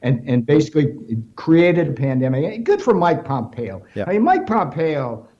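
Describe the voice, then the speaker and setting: A man's voice: fairly high pitch, big pitch swings, normal speed, warm tone, muffled recording. A man as a guest on a talk radio show, telling stories emphatically and with animation.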